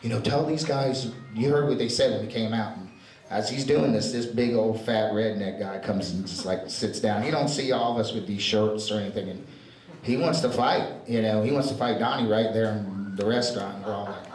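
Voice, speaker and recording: Delivering an informal eulogy for a friend, a man rambles through stories with plenty of fillers. His lowish voice is slightly fast and darkish, heard in an echoey room with faint noise.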